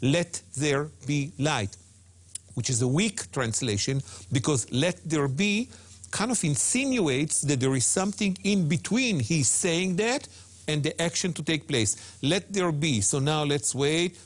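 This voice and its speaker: Man, slightly high voice, very lively pitch, emphatic, repeats himself, religious TV guest. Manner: emphatic, repeats words and slows on Hebrew terms. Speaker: guest Hebrew teacher. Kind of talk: animated religious TV talk.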